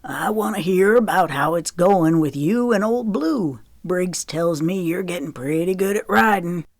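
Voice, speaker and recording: Lady voicing a folksy older cowboy guy, friendly, low and dry. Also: expressive, unhurried, no room sound.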